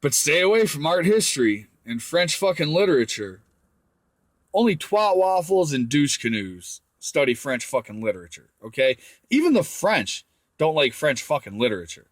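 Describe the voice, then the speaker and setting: Profane ranting man, lively voice. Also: fairly high pitch, no room sound. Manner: crude, ranting, heavy swearing. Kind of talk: profane rant to camera.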